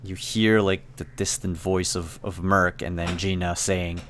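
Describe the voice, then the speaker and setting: This game master, low-pitched and measured in pace, leads a tabletop role-playing session. He narrates scenes hesitantly and casually, leaning on lots of fillers.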